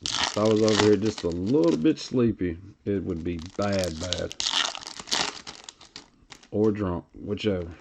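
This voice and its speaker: A man's voice: lowish voice, a little slow, gravelly, pauses often, noisy background. A man with a Tennessee Southern accent hosting a live card break, reading off player names in a laid-back drawl while chatting with viewers. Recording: lo-fi stream audio.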